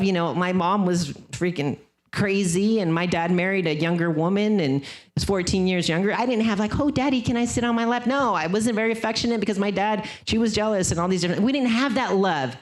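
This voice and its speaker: A woman speaking at a sales leadership seminar, emphatic and casual, often repeating phrases for effect. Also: mid-range voice. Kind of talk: motivational seminar talk.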